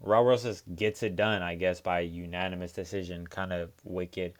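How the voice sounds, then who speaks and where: A young man with a lowish voice talks through fight results on his own, casual and loose. He swears often, trails off into fillers and works himself up into heated rants. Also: steady tone, normal speed, few pauses. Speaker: MMA recap host. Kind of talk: casual solo commentary.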